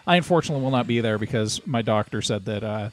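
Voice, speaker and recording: A man's voice: lowish voice, animated, fast talker. A male podcast host who rambles through casual stories and mocks himself along the way. His talk is loose, chatty and full of restarts. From Utah. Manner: rambling, self-deprecating storyteller. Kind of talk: casual banter.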